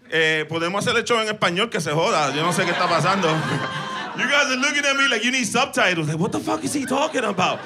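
High-voiced, animated male stand-up comic. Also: fast talker. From Latino, in Los Angeles. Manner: animated, profane, acts out scenes with yelps and shouts. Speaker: stand-up comedian. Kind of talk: stand-up routine. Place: comedy club stage with audience. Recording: noisy live club recording with laughter.

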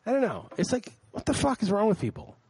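A man's voice: sits high, fast, slight background noise. A man co-hosting a podcast, ranting in casual chat with lots of swearing, tired late at night. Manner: ranting, profane, animated. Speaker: podcast co-host.

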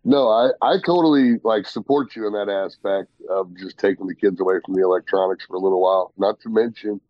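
A man's voice: lowish voice, brisk, no room sound, muffled recording. A man co-hosting a podcast, casually telling easygoing stories from his past. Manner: easygoing, nostalgic storytelling. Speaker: podcast co-host.

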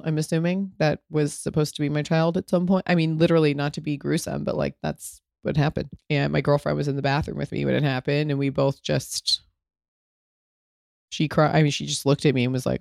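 A woman's voice: deep voice, flat delivery, brisk, gravelly, a little mellow, no room sound, clean studio sound. A woman in her thirties hosting a solo podcast, talking frankly and emotionally, swearing freely and filling her speech with "like". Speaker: podcast host. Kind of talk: candid solo podcast talk.

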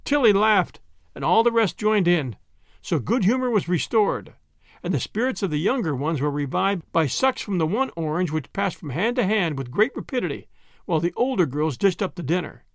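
A man reading a story aloud as narrator, with lively storytelling. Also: sits high, normal speed, dry recording, clean studio sound. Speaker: audiobook reader. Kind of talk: scripted narration.

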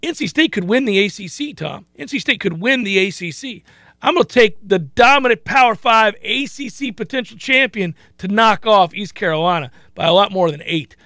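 Man, sports radio host, emphatic, high, dry close sound. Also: bright, forceful tone, no room sound. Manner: emphatic, drawn-out stresses, quick asides. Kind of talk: sports betting talk.

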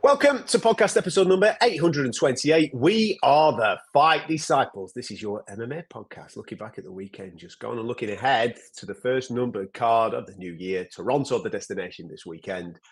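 A man's voice: medium pitch, a little fast, few pauses, breathy edge. A man hosting a sports podcast, bantering casually and swearing freely. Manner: banter, swearing, lively teasing. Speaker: podcast host. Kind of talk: casual chat.

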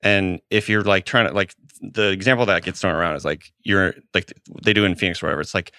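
Deep, bright-toned male co-host. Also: steady tone, quick pace, dry recording, studio quality. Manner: rambling, filler-heavy, laughs often. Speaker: podcast co-host. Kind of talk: casual chat.

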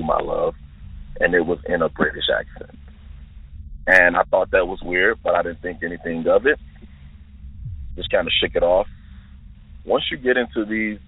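Man in his twenties with a low, raspy voice, earnestly telling his own eerie encounter over a thin phone line. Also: no room sound. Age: 20s. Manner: careful, detailed, earnest storytelling. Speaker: listener sharing an encounter. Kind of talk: recounting a personal eerie experience. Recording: tinny dry phone-line recording.

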